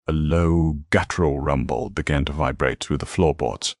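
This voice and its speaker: Deep-voiced male story narrator. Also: gravelly, no echo, clean studio sound. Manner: dramatic, measured storytelling. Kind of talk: scripted narration.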